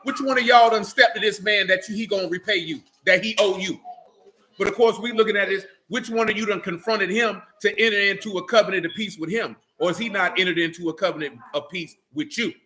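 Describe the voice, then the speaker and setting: Male Bible teacher, high bright voice, preachy, keeps quizzing the class. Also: brisk, slight background noise. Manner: preachy, calls out questions to the class. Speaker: teacher leading a Bible study. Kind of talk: sermon.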